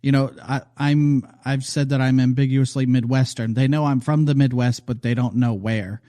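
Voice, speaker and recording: A man's voice: mid-range voice, steady tone, normal speed, dark tone. Man with a Hoosier twang. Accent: Indiana Hoosier twang. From Indiana. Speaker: comedian guest. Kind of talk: casual podcast chat.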